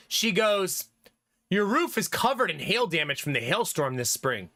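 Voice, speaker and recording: A man streaming live, chatting casually with his viewers, animated and laughing often, with some swearing. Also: a little high, unhurried, pauses often, no echo, studio quality.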